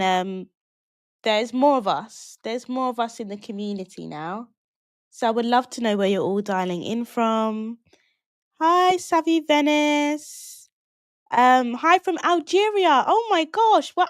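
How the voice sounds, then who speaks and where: A woman's voice: fairly high pitch, animated, no room sound, clean studio sound. Upbeat woman teaching live online. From London, England. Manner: chatty and upbeat, greeting viewers by name with quick laughs. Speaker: business coach hosting a live online masterclass. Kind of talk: casual live-stream teaching.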